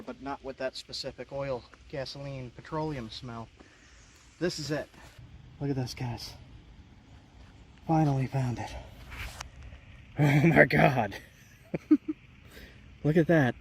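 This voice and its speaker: Excitable man exploring a creek outdoors. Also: mid-range voice, rough recording. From Long Island, New York. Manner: excitable, laughs often, talks to viewers. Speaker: host. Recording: outdoor noise behind.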